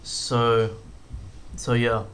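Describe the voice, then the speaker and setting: Brief: young male YouTuber, bright mid voice, loose filler-heavy casual commentary. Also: mid-range voice, monotone, extremely slow. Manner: rambling, frequent fillers and slang like "bro".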